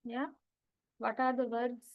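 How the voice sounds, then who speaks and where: A woman with a slightly high voice teaches an online class through her computer mic. She talks patiently, repeats her main points, and often checks in with the students. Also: level tone, measured pace, dull audio. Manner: patient, repeats key points, frequent "okay" and "right". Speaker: English linguistics lecturer. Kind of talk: online lecture.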